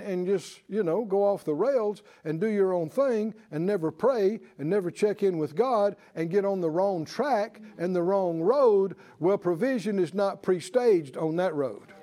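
Guy preaching, high and swoopy voice, gets loud and emphatic, stretches words out slow. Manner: animated, emphatic, rising to exclamations. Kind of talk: sermon.

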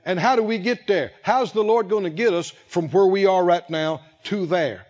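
A male pastor preaching a sermon, speaking slowly and with emphasis, pausing to let the congregation fill in key words. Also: high voice, darkish tone. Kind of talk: sermon with call-and-response. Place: church sanctuary. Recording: lo-fi with long hall reverb.

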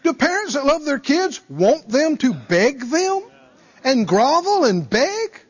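A man's voice: extremely high pitch, very animated, slow pace, dull audio. A male preacher delivering a dramatic sermon, acting out pleading prayers and firing off rhetorical questions in folksy phrasing.

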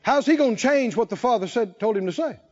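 High-voiced, lively man preaching. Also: fast talker, highs cut off. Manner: dramatic storytelling, acting out voices, shouting peaks. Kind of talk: sermon.

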